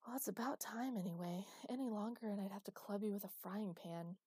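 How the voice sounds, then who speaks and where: A woman's voice: mid-range voice, a little fast, dark tone, husky, no echo, studio quality, close to an everyday voice. Woman voicing a protective, fiery father. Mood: fond, teasing. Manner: urgent and insistent. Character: protective father, worried then furious.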